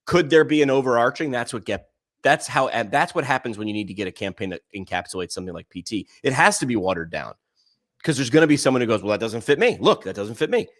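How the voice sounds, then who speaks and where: A male podcast co-host in casual discussion. He talks emphatically, telling stories with lively jumps in pitch and loudness. He keeps pushing his point with energy. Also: fast talker. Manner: emphatic, animated storyteller with big swings in pitch and loudness.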